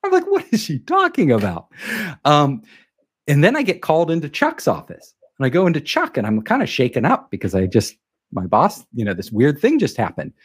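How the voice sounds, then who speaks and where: A man telling an anecdote in a casual interview, animated and acting out the quoted dialogue. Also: a little high, brisk, slightly rough. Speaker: guest telling a career story.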